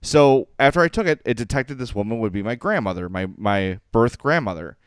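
A man's voice: mid-range voice, lively intonation, fairly quick, smooth, no echo, clean studio sound. A man co-hosting a sports podcast, chatting casually and rambling through stories with easy laughs. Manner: chatty, rambling storyteller who laughs easily. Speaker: podcast co-host.

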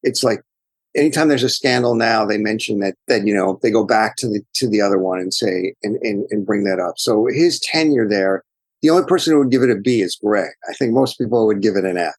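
A man's voice: lowish voice, expressive, a little fast, breathy edge, dry recording, rough recording. A man answering interview questions as an author guest, speaking in a thoughtful, digressive storytelling way.

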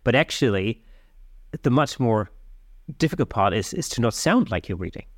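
A man hosting a podcast interview, talking in a relaxed, searching way. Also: mid-range voice, normal speed, dry recording, studio quality. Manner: relaxed, searching with many "you know" fillers. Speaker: podcast host. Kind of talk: casual interview talk.

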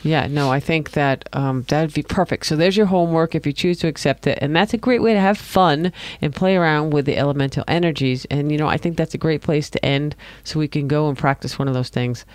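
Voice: mid-range voice, fairly quick, few pauses, no echo. A podcast co-host in casual chat who jokes around and laughs often. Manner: playful and joking, with lots of laughter.

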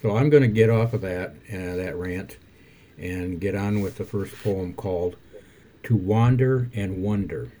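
An older man talks slowly and thoughtfully, stopping and restarting as he reflects between poems. His voice sits low and has a soft, mellow tone. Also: fairly even intonation. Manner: halting, self-correcting, faith-focused musing. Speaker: poet reading his own poems. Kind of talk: reflective conversation and poetry reading.

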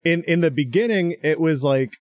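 A man with a voice a touch higher than most men, chatting on a podcast with frequent laughs and casual swearing. He often restarts and repeats words. The sound is close and dry, with no room around it. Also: normal speed, no echo. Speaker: podcast co-host. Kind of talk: casual chat.

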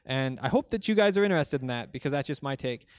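A man's voice: medium pitch, lively intonation, fast, no room sound. A young man hosting a casual solo podcast, talking in a rambling, conversational way with many fillers and restarts as he answers listener comments. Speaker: podcast host.

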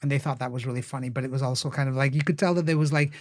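In a casual interview, a male guest who acts and writes for TV races through animated stories, imitating other people's voices with large leaps in pitch. The recording is dry, with clean studio sound.

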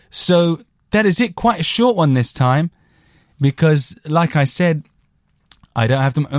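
A man's voice: fairly high pitch, a little mellow, dry recording, studio quality. A man hosting a podcast, chatting casually about a record in a rambling, jokey way with crude asides. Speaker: podcast host reviewing a record. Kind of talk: casual chat.

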